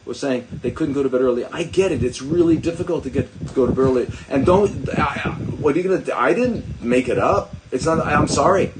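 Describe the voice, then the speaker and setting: A man's voice: medium pitch, a little fast, few pauses. Rambling sarcastic older man, noisy stream. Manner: digressive and sarcastic, mocking asides to viewers. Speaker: doctor hosting a live stream. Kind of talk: rambling live-stream talk.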